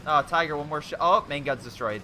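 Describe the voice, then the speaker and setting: A young man giving casual commentary over a strategy game replay, excitable and rambling, breaking off into exclamations. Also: fairly high pitch, a little fast, a little hiss or hum.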